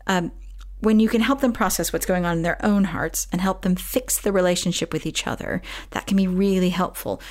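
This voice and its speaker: A woman hosting a podcast, answering a parent's question with earnest, encouraging advice, pausing often to think. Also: fairly low pitch, a little mellow. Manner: earnest, encouraging, with thoughtful pauses and fillers. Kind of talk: warm casual advice talk.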